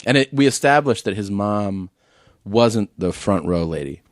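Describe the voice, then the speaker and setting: A man's voice: fairly low pitch, moderate pace, dry recording, clean studio sound. A man hosting a comedy podcast, telling a story in casual chat and acting out what people said. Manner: animated storyteller acting out quotes.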